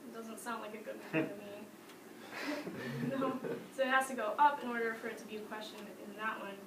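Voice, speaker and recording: A woman teaching a music class, talking lively and breaking into sing-song examples, recorded from afar in a classroom. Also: a little high. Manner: lively, sing-song demonstrations with frequent laughs. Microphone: distant camera mic. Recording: echoey classroom from far off, noisy.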